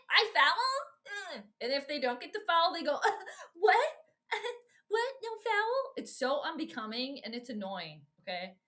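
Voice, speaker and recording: A woman's voice: fairly high pitch, bright, forceful tone. A woman from Minnesota hosting casual live sports commentary, reacting bluntly and with exasperation to each play and talking directly to her viewers. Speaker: host giving live game commentary.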